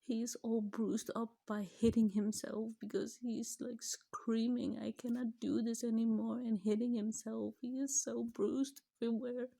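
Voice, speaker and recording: A woman's voice: a little high, flat delivery, a little slow, gravelly, few pauses, mellow. A middle-aged mother recording a vlog, tearful and close to crying, her voice shaky and breaking, at times dropping to a whisper. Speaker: vlogger, mother. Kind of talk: emotional personal vlog.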